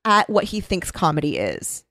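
Giggly rambling woman, animated pitch. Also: moderate pace, no room sound. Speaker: podcast co-host. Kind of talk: casual comedic chat.

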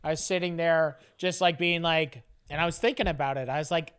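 A man co-hosting a podcast, teasing his partner in quick casual banter. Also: on the high side, steady tone, a bit bright, smooth. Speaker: podcast co-host. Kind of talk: casual chat.

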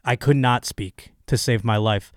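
A hoarse male comedian talks through a solo podcast monologue, his voice not fully recovered. He rambles and swears with excitable bursts, close and dry to the mic at a middling pitch. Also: moderate pace, no room sound.

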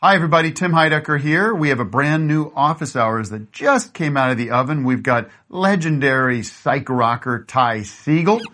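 A man's voice: mid-range voice, moderate pace, few pauses, bright, forceful tone. A man reading an upbeat podcast promo in an announcing manner.

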